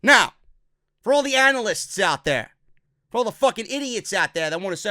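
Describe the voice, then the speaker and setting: A man's voice: high-pitched, sing-song, a little fast, sharp tone, dry recording, studio quality. A man ranting bluntly in a profane wrestling review vlog, exasperated and swearing often.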